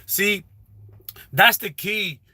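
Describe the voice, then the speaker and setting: Man, high and bright-toned, rambling casual livestream advice, dry close phone sound. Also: extremely slow, no echo. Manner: rambling, repetitive, with frequent restarts. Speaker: livestreaming YouTuber. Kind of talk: casual live stream advice talk. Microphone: phone held while livestreaming.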